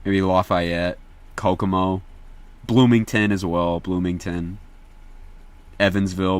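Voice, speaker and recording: A young man from Indiana, chatting casually to viewers on a livestream in an excitable, slangy, profane way. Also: sits low, no echo.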